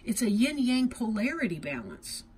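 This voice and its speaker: A woman's voice: fairly high pitch, big pitch swings, moderate pace, darkish tone, slight background noise. A woman giving an intuitive tarot reading to her viewers, talking in an earnest, heartfelt way and often checking in with "right?". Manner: earnest, emotional, tag questions like "right?". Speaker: tarot reader.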